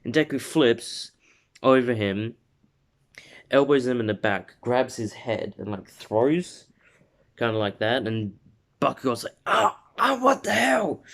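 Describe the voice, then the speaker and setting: A man casually retelling a fan story in a rambling way, full of fillers. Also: fairly low pitch.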